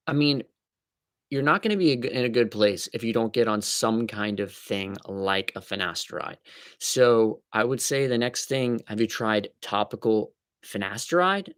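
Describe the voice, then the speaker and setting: A man's voice: lowish voice, no echo, clean studio sound. A man hosting a casual live stream, chatty and joking as he answers viewers by name.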